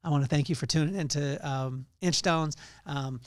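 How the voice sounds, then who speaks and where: A man's voice: a little high, moderate pace, no echo, clean studio sound. A man hosting a podcast, giving an earnest devotional talk on scripture with frequent fillers and restarts. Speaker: podcast host.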